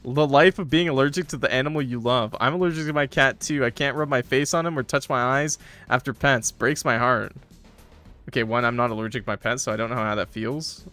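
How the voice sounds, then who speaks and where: A man's voice: mid-range voice, fairly even intonation, a little fast, sharp tone, soft background music. A man commenting casually on a game he is playing, rambling and interrupting himself. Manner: chatty, rambling, self-interrupting. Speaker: streamer.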